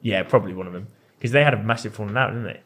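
A man's voice: lowish voice, racing. A young man co-hosting a football podcast, wry and giggly in casual chat, a bit stuffy-nosed. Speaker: podcast co-host.

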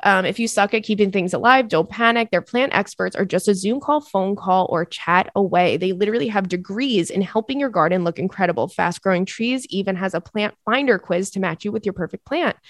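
A woman's voice: mid-range voice, a little fast, hardly any pauses, dry recording. A young woman hosting a podcast, chatting casually and emotionally, reading out listener letters with lots of fillers. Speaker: podcast host.

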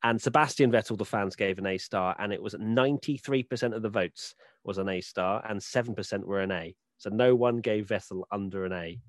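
A man's voice: lowish voice, brisk, dry recording. A man hosting a casual podcast chat, joking and reading out fan votes. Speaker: podcast host.

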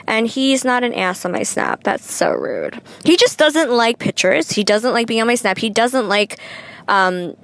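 A woman with an American East Coast accent, co-hosting a casual celebrity gossip chat, frank and relaxed. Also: medium pitch, clean tone, dry recording. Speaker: co-host.

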